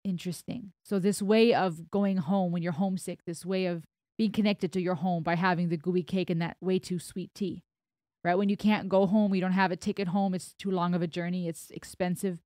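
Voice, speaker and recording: A woman's voice: fairly low pitch, fairly even intonation, fairly quick, warm tone, no room sound, studio quality. A woman from Germany with an American accent, giving reflective reaction commentary on a song as host and explaining her thoughts at length.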